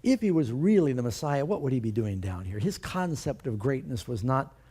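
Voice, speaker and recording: Mellow-voiced male pastor preaching. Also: medium pitch, big pitch swings, moderate pace, husky. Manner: emphatic, asks the congregation rhetorical questions. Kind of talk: sermon.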